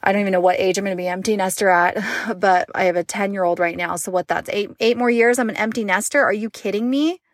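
In a clean studio recording without echo, a woman speaks at a quick pace in a medium-pitched voice. She's a mom vlogger and online business owner in her thirties from Utah, United States, chatting emotionally and directly with her viewers in a personal vlog.

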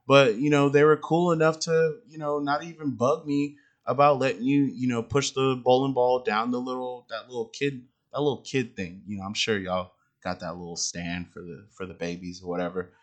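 A young father tells a parenting story in a loose, rambling way, full of slang, fillers and restarts. His voice sits at an ordinary middle pitch for a man. He talks easily and plainly, the way he would to friends. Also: steady tone, normal speed. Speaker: father podcaster. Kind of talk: casual storytelling monologue.

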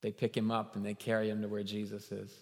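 A man in his thirties preaching a sermon as a guest pastor, telling stories and building to loud, emphatic peaks. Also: fairly low pitch, monotone, quick pace. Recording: long hall reverb.

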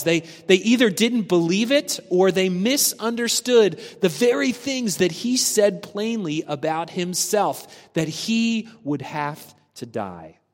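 A man preaching a sermon, earnest and deliberate, letting his phrases fall soft at the ends. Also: on the high side. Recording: long reverb of a large hall.

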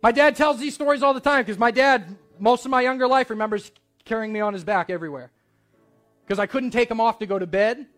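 A man's voice: very high-pitched, a little fast, fairly bright tone, soft background music. A man preaching a sermon to his church, telling a personal story in a conversational, earnest way. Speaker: pastor.

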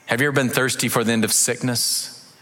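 A man preaching a sermon as pastor, animated, acting out little voices and reading scripture aloud. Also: mid-range voice, brisk, big-room sound.

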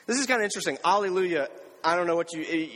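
A man preaching a sermon and reading scripture aloud. He talks conversationally, often asks "right?" and slows down on key words. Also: on the high side, lively intonation, a bit bright. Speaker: pastor. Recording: long hall reverb.

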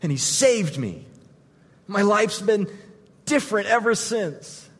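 A man's voice: sits high, sing-song, takes it slowly, breathy edge, big-room sound, full character voice. A man voicing a grateful woman telling how she was saved from stoning, earnestly.

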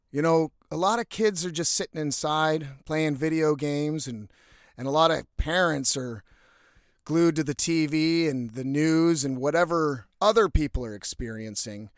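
A man telling a story casually, animated and swearing freely. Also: a little high, no room sound, studio quality. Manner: animated, profane, conversational.

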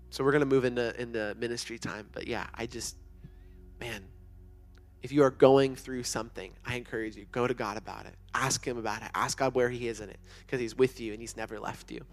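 A man's voice: medium pitch, normal speed, faint music behind. A young man preaching to a youth group in a church room, earnest and conversational, with many fillers. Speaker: youth pastor. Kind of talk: sermon to students.

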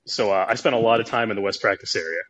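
A man sharing his memories as a podcast guest, easygoing and agreeable. His voice is fairly low with a slightly husky edge. He comes in over a remote call. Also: very fast, a bit bright, rough recording. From Oregon, USA. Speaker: podcast guest, helicopter pilot. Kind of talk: casual interview conversation.

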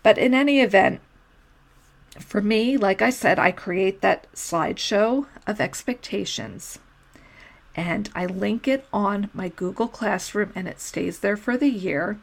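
A woman's voice: medium pitch, measured pace, vocal fry. A woman teacher hosting her own podcast, giving frank, matter-of-fact classroom advice in a conversational way. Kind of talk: solo podcast advice talk.

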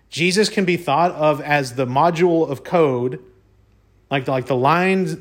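In a slightly high voice, a man gives a casual monologue about something from his own life. He's excitable, frequently stumbling and repeating words, with plenty of "y'all" and mild swearing.

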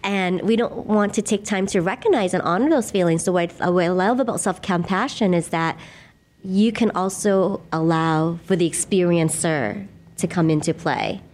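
A middle-aged woman being interviewed about her work as a laughter yoga leader. Her voice sits slightly low, and she talks in a gentle, earnest, reflective way. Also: normal speed, slight background noise. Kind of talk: conversational interview, guided exercise.

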